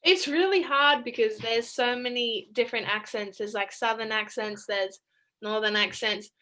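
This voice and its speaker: A woman's voice: on the high side, normal speed, pushed and bright, low-quality recording. A young Australian woman, a college basketball player, chatting in a video call interview and laughing often between sentences. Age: young adult.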